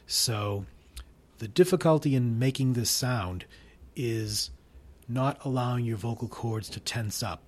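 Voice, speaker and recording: A man teaching English pronunciation, explaining slowly and demonstrating each sound deliberately. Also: mid-range voice. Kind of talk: instructional explanation.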